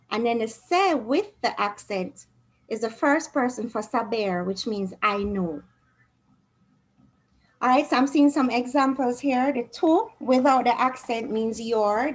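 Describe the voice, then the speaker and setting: A woman's voice: a little high, poor audio. A woman teaching a Spanish revision class, patiently quizzing her students with questions.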